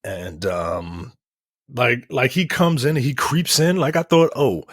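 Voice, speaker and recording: Man, podcast film reviewer, lively swooping pitch, husky tone, dry sound, profane storytelling. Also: takes it slowly, no echo. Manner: animated, profane storytelling, acting out scenes in exaggerated voices. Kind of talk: casual film review chat.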